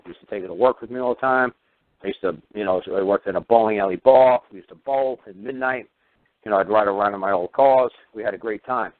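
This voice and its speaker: A man's voice: medium pitch, no echo. An older man hosting a talk show, ranting with heavy profanity and emphatic repetition. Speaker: radio talk host. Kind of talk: angry ranting monologue. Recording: dry tinny phone-line audio.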